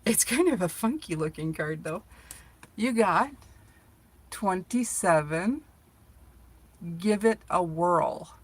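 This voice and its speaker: A woman's voice: lowish voice, expressive, takes it slowly, pauses often. A middle-aged woman hosting a live tarot reading, chatty and playful, joking with viewers as she reads the cards aloud.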